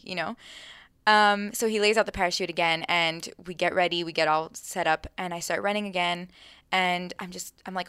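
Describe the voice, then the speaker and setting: A young woman chatting casually, telling a lively story full of fillers and acted-out thoughts. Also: on the low side, fairly quick, smooth, no room sound. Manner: animated, many fillers, acts out her own thoughts.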